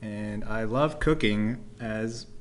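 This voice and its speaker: A man's voice: lowish voice, slow pace, a little hiss or hum. A man who is a guest on a casual podcast, chatting with dry, playful humour.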